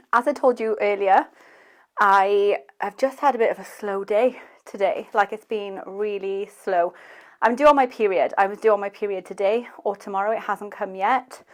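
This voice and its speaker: A woman's voice: medium pitch, fairly even intonation, normal speed. A young woman talking casually to camera in a vlog, chatty and rambling with a self-deprecating manner. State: out of breath after cardio. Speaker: vlogger.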